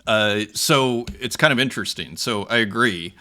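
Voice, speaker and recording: A man with a bright, forward voice hosts a casual art commentary show. He chats conversationally with many fillers, then reads passages aloud with slow, dramatic emphasis. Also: on the low side. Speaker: host.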